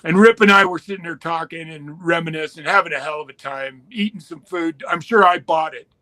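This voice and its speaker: Older guy, raunchy storyteller, high voice, swears a lot, laughs through it. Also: a little fast, bright, forceful tone, no room sound. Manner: profane, laughing, acts out voices in stories. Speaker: guest storyteller. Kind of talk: crude casual storytelling.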